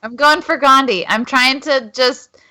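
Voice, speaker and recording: A woman's voice: sits high, measured pace, bright, forceful tone. A woman playing a tabletop game, chatty and hesitant, checking rules with lots of ums. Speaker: player. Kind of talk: casual tabletop play.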